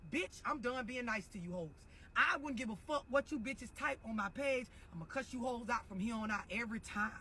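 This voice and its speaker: A woman's voice: fairly high pitch, fairly quick, sharp tone, slight background noise. A middle-aged woman delivering a blunt, profane, mocking rant as an online commentator. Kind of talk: profane ranting monologue.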